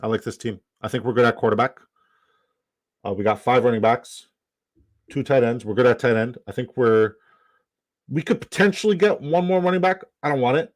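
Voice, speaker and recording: A man's voice: mid-range voice, fairly quick, long pauses, dry recording. A man from Canada hosting a live stream in casual chat, rambling, swearing and repeating himself.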